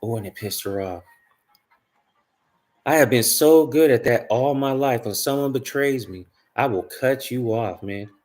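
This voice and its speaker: Man, casual storytelling monologue, rambling, emphatic, swears, mid-pitched voice. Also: a little slow, a little mellow. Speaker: spiritual vlogger.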